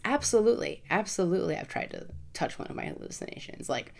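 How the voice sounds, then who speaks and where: A woman's voice: sits low, fast talker, gravelly, few pauses, soft background music. A woman vlogger answering viewer questions in a casual, frank way, often repeating words for emphasis. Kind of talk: casual Q&A to camera.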